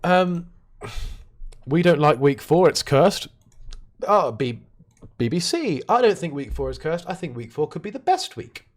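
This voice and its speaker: A young man chatting on a live stream, joking and laughing a lot while reading out chat and headlines. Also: a little slow. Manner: joking, animated, laughs often and swings in pitch.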